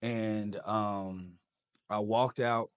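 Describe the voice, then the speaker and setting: A man with a fairly low voice sits as a podcast guest and recounts his own life story. He tells it with lots of energy and jumps into the voices of the people he quotes. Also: very slow, clear, resonant tone. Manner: animated, acts out quoted dialogue. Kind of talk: personal storytelling.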